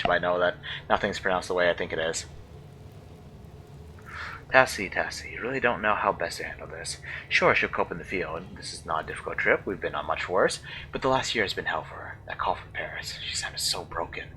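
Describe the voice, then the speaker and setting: Low, bright-toned man musing while gaming. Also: a little hiss or hum, poor audio. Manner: thinking aloud, unsure, musing over pronunciations. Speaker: let's play gamer. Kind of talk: casual gameplay commentary.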